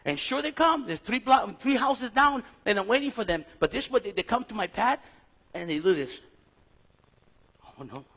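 Lively husky-voiced man teaching the Bible. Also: very high-pitched, brisk. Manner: animated storytelling, acts out conversations, frequent restarts. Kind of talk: lively sermon-style Bible class.

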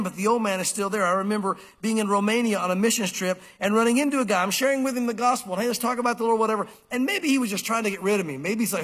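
A man's voice: high-pitched, fairly bright tone. A man preaching a sermon to a congregation, emphatic and conversational, repeating key phrases. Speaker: pastor. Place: church.

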